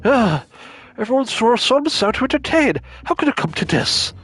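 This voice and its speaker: A man's voice: very high-pitched, sing-song, normal speed, a bit bright, breathy edge, pitched above the performer's own voice, full character voice. A man reading the lines of a worried, formal masquerade host in a game. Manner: formal, pleading delivery. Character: polite, fretful male masquerade host.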